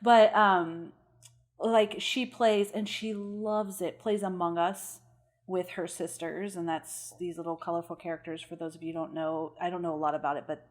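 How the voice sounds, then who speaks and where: Woman podcast co-host, lower voice, casual and laughing, curses freely. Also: fairly even intonation, normal speed. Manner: chatty, laughs often, swears for emphasis. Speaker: mother. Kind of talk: casual chat.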